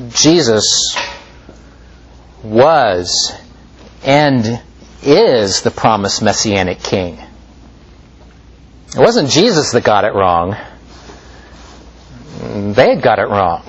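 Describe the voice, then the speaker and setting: Male preacher, sermon delivery, slow and deliberate, animated pitch, lo-fi sound. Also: husky. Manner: slow, measured preaching with lively pitch swings.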